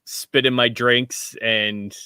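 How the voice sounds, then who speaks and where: A man's voice: medium pitch, level tone, slow, pushed and bright, smooth. A man playing a tabletop game, chatting in a laid-back, joking way. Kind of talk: casual chat.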